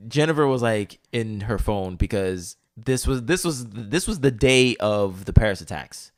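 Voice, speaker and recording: A man's voice: on the low side, normal speed, no echo, studio quality. A young man co-hosting a casual podcast chat, telling stories animatedly and acting out the people in them. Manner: animated storyteller, acts out quoted voices. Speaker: podcast co-host.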